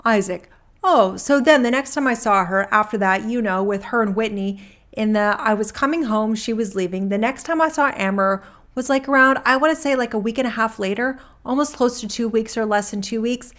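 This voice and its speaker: A woman's voice: fairly high pitch, fairly quick, a bit bright, close to an everyday voice. A woman reading a court transcript aloud, voicing a male witness who rambles and restarts his sentences in casual talk. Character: rambling male witness giving deposition testimony.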